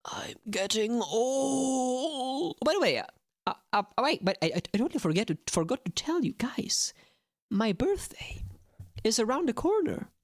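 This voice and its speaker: Lively, chatty woman streaming. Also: fairly high pitch, a little fast, no echo, clean studio sound. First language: Italian. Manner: chatty and playful, laughs often. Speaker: game streamer. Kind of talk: casual live-stream chat.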